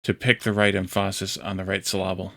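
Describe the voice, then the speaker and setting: A man's voice: low-pitched, little pitch movement, creaky, a bit bright. A man hosting a game stream, talking easily with friends over voice chat and often restarting his sentences. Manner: easygoing, chatty, with halting restarts. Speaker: host streamer. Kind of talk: casual voice chat while gaming. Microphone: voice chat mic.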